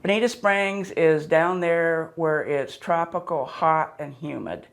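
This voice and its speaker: A woman's voice: deep voice, slow pace. A woman in her seventies, born in Pennsylvania and raised in Florida, telling wry, rambling stories as an interview guest. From born in Pennsylvania, raised in southwest Florida. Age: 70s. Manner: wry and joking, rambling with restarts. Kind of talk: casual storytelling.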